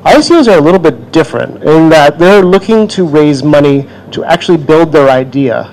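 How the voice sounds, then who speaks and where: A man on a panel answering a question, explaining quickly and informally. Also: a little high, animated, darkish tone, poor audio.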